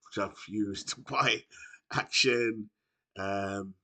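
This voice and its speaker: A man's voice: on the low side, steady tone, drawn-out words, sharp tone. A British man chatting casually to his viewers about a baseball video game, rambling and often correcting himself, recorded on a laptop microphone. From United Kingdom. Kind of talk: casual chat to camera.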